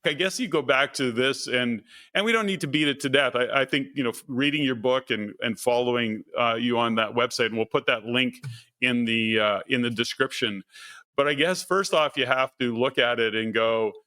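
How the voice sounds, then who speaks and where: A man's voice: medium pitch, moderate pace, sharp tone. A man hosting a podcast interview, thinking aloud in long, looping sentences. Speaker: podcast host. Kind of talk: conversational interview.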